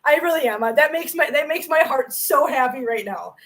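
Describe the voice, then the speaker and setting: Earnest livestreaming woman, higher voice. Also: animated, a little fast, fairly bright tone, rough recording. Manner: earnest and effusive, emotional when praising viewers. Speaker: cat channel livestream host. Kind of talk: casual livestream chat reading viewer comments.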